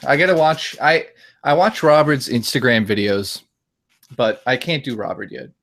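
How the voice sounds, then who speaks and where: A man's voice: mid-range voice, moderate pace, a bit bright. Young man, casual chat, joking, playful. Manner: jokey, trying out silly impressions. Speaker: guest YouTuber.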